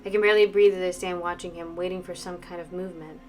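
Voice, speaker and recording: A woman streamer reading a visual novel aloud, brisk narration with playful asides. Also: fairly low pitch, flat delivery, a little mellow. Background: faint game music.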